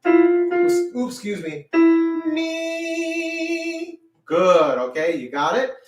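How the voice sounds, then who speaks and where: A middle-aged man teaching a children's music lesson, patiently explaining each point, checking "okay?" and singing the syllables in a high voice. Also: big pitch swings, moderate pace, distant mic. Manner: sings solfege syllables in a high voice. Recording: roomy sound, a little off-mic.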